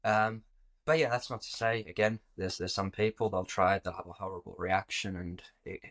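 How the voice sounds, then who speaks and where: A man with an Australian accent, a podcast guest speaking in a relaxed, rambling way with many fillers. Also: low voice, brisk. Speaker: podcast guest, jiu-jitsu instructor. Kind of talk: casual interview chat.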